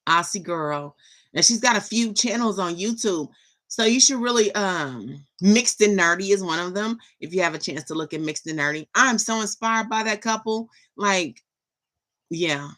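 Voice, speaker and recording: A woman's voice: medium pitch, pushed and bright. A middle-aged woman vlogging in a rambling, chatty and enthusiastic way. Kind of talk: casual chat.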